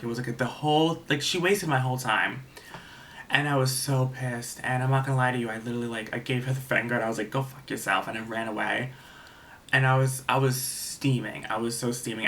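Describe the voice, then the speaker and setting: Bright-voiced young man telling a rambling story. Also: mid-range voice. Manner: rambling, lots of "like" and restarts, swears freely. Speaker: vlogger. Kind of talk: storytime vlog.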